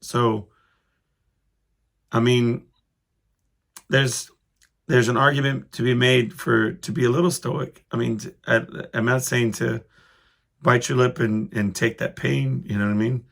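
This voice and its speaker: Gravelly podcast guy rambling thru a story, keeps cutting himself off, chuckles a lot. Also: mid-range voice, steady tone, unhurried, long pauses, fairly bright tone. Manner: rambling, self-interrupting, chuckling as he goes. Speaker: podcast host. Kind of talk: casual storytelling monologue.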